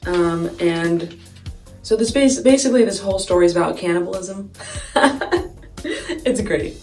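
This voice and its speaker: Long pauses mark this young woman's unhurried storytelling as she applies makeup, her voice lowish and darkish in tone. She's a chatty vlogger, giggling and leaning on "like" again and again. An echoey room, a faraway mic, and faint background music come through on the recording.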